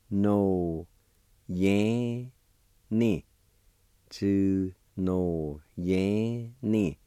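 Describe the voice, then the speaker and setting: A man teaching a language lesson, spelling words letter by letter and slowly repeating each syllable. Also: low voice, mellow, no room sound, studio quality.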